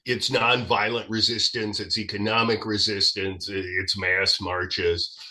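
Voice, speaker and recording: A man speaking as a guest in an interview, explaining history at length in a lively, expansive way. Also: fairly low pitch, measured pace.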